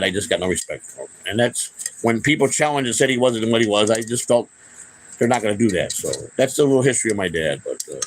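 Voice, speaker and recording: A middle-aged Chicago man, host of his own channel, tells personal stories off the cuff, cursing freely, rambling and often restarting sentences. His medium-pitched voice has a fairly bright tone. The audio is poor, with slight background noise.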